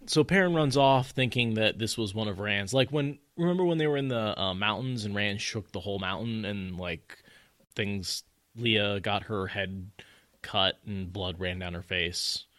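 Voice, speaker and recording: A podcast co-host with a voice on the low side and a bit bright talks at a moderate pace in a dry recording. Chatting casually about a fantasy novel, he mocks the characters in put-on voices.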